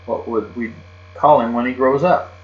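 A man voicing a patient mother in a children's audiobook reading, speaking softly and calmly. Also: mid-range voice, moderate pace, close to an everyday voice. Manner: soft, calm, patient. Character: patient pregnant mother, gently scolding. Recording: roomy, dull, with mains hum.

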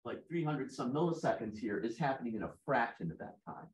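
A man giving an academic lecture in a hall, lively and joking with his audience. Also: medium pitch, fairly quick, a little hiss or hum.

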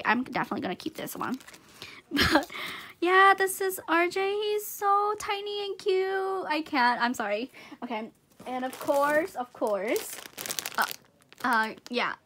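Gushing young woman, high bright voice. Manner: gushing, excitable, giggly. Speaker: vlogger unboxing gifts. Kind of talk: casual unboxing vlog.

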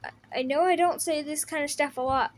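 A woman's voice: high-pitched, fairly quick, lightly acted. A woman voicing a tough but emotional teenage boy turtle, earnestly pleading with his brother. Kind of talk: fan audio drama voice acting.

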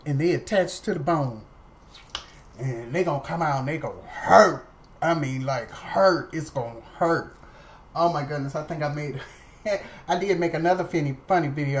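A woman's voice: sits low, a little hiss or hum, poor audio. A woman vlogger telling a casual story at home to the camera, chatty and repetitive, talking straight to her viewers. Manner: chatty, repeats herself, addresses viewers as y'all.

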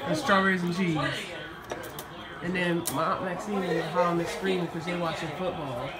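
A woman's voice: lowish voice, fairly even intonation, a little fast, a loud crowd. A young woman vlogging casually at a family holiday gathering, coughing and congested, chatty and teasing as she talks to her viewers. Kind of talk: casual home vlog chat.

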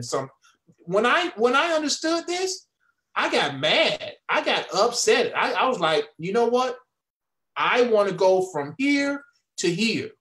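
High-voiced man preaching slowly in an echoey room. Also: a bit bright. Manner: preachy, repeats and restarts phrases, asks the viewer questions. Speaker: online income coach. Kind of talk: whiteboard pitch to camera.

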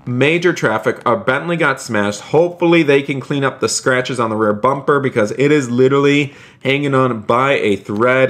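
Excitable bright-voiced male streamer. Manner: excitable and gushing, often jumping into high squeals. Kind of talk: live-stream role-play commentary.

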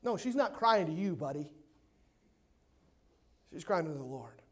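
High-voiced emphatic male preacher. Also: big pitch swings, unhurried, slightly rough. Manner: emphatic, swings between loud and hushed; repeats words when stressing points. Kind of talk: sermon. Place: church sanctuary.

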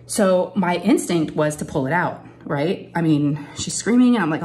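A middle-aged woman with a slightly low voice chats in an animated way, telling a long, aside-filled story like a crafting vlogger addressing viewers from her home craft room. She talks at normal speed with few pauses, in casual storytelling mode.

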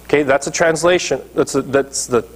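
Man, pastor, sermon, emphatic, checks in with listeners, husky, slightly high voice. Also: fairly quick. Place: church.

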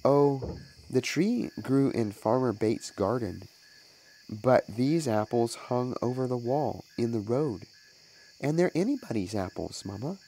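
A man's voice: mid-range voice, expressive, measured pace, mellow, slight background noise, low-quality recording. A man voicing a small guilty boy who stammers and pleads to defend himself. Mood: pleading. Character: small guilty boy caught with stolen apples.

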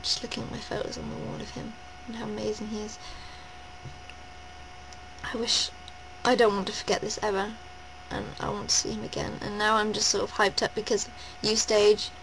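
A woman vlogging at home, gushing and rambling in a breathless, excited rush. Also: medium pitch, a little fast, vocal fry, a little hiss or hum, poor audio. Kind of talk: excited personal vlog. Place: at home indoors.

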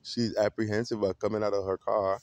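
A man vlogging a casual, animated story that he retells dramatically and that is full of acted quotes. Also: on the low side, quick pace, no room sound.

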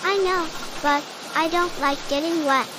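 A woman voicing a cheerful young schoolgirl who is quick to cry, in a homemade cartoon. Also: extremely high pitch, background noise. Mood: upset. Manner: eager, chatty, quick to cry. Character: young schoolgirl, cheerful, fears getting wet.

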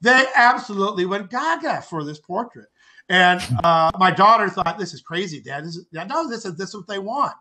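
An older man with a high voice tells a long personal story as a podcast guest. His tone is bright and forceful. He rambles, repeats words and acts out what people said. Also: moderate pace. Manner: acts out quoted speech with lively voices. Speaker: podcast guest, author and artist.

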